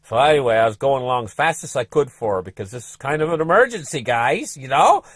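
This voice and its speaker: A man's voice: medium pitch, very animated, fast talker, a bit bright, no room sound. A folksy man spins a rambling story, his voice rising and falling a great deal. He talks to his viewers with asides and restarts, and the sound is dry and close. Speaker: travel vlogger. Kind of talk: casual storytelling.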